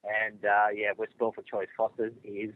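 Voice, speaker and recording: A man's voice: fairly low pitch, monotone, moderate pace. An Australian man calling in to a talk show, chatty and blunt. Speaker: caller. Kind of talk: phone-in call. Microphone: phone. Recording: tinny phone line.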